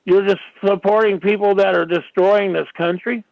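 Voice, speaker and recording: A man's voice: high-pitched, fairly even intonation, moderate pace, gravelly, no room sound. A man hosting a talk radio show, ranting in a rambling monologue packed with "you know"s, on dull lo-fi audio. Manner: ranting, filler-heavy, many "you know"s.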